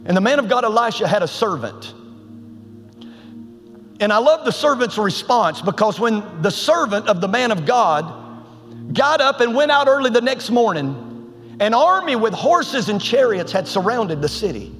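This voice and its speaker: An emphatic male preacher with a fairly high voice delivers a storytelling sermon in a colloquial style. His voice carries long church-hall reverb with faint music underneath. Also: very animated, normal speed, a bit bright.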